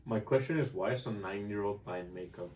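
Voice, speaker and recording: A man's voice: on the low side, fairly quick, a little mellow. A man co-hosting a casual podcast, chiming in with short, laid-back reactions and questions. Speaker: podcast co-host.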